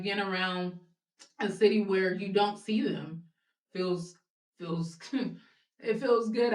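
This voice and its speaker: A young woman from Ohio, a guest in a casual interview, speaking frankly and swearing freely. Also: medium pitch. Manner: frank and animated, swears freely, laughs between points. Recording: roomy sound from a distant mic.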